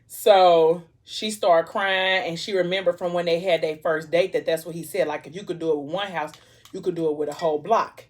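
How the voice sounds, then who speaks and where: A woman's voice: on the low side, normal speed. Chatty woman retelling a story. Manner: chatty, animated plot retelling with asides. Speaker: vlogger. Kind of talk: casual storytelling during a mukbang.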